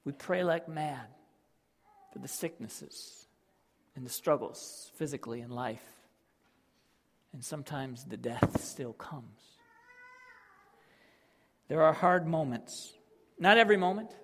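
Slow-speaking man preaching with emotive swings. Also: a little high, long reverb tail. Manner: emotive, swings between loud emphasis and quiet, with sighs. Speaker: pastor. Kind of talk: sermon.

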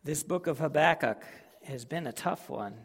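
A man preaching a sermon as a pastor, swinging dramatically from hushed tones to loud outbursts. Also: on the high side, expressive, moderate pace, breathy edge. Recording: long reverb of a large hall.

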